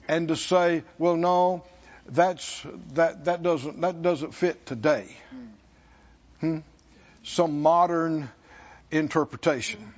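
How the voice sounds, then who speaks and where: A man preaches in a high voice. He takes his time and leans hard on key words, stopping to ask the congregation for answers. The recording is dull and lo-fi. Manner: call-and-response preaching, slows for emphasis. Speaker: pastor. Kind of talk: sermon.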